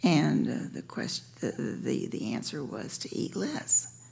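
Slow, gravelly woman telling a wry story. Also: rumbling low, sing-song. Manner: wry, joking storyteller, slips into whisper-soft passages. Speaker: meeting member sharing. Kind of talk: personal share at a recovery meeting. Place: meeting room.

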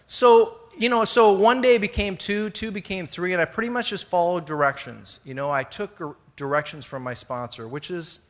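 A man's voice: sits high, moderate pace. A middle-aged man telling his recovery story to a meeting audience, rambling and earnest with many fillers and restarts. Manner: earnest, laughs at himself. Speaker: speaker sharing at a recovery meeting. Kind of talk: personal recovery share to a live audience. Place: indoor meeting room with an audience.

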